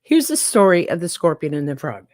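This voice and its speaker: A woman's voice: lowish voice, big pitch swings, a little fast, a little mellow, no room sound, studio quality. An older woman hosting a casual livestream, folksy and chatty, talking straight to her viewers. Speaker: livestream host.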